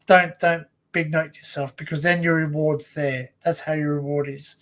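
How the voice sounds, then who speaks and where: A man's voice: a little high, level tone, normal speed, a bit bright. A man co-hosting a casual live-stream chat, rambling through stories with stumbling restarts. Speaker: co-host.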